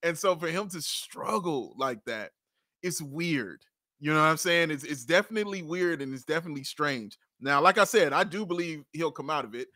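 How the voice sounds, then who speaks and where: A man co-hosting a casual sports podcast, excitable, laughing often and repeating himself as he talks. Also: fairly high pitch, normal speed, no room sound, clean studio sound. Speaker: podcast co-host.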